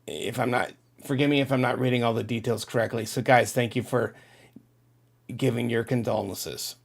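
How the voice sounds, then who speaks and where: A man's voice: mid-range voice, steady tone, moderate pace, vocal fry. A middle-aged man hosting a casual livestream, reading out viewer chat and rambling emotionally to his audience. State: on the verge of tears.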